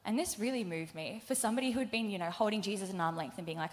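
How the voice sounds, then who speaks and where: Young woman sharing a faith testimony. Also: mid-range voice. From Australia. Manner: candid and halting, many fillers, acts out her own past words. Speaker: speaker giving a testimony. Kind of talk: personal faith testimony to a live audience. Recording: live event hall reverb.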